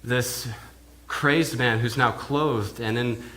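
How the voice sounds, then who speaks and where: A man's voice: medium pitch, fairly even intonation, slow pace, fairly bright tone. A male minister preaching in character as an awed village pig herder, telling his story in the first person with hesitant, often repeated words. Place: church.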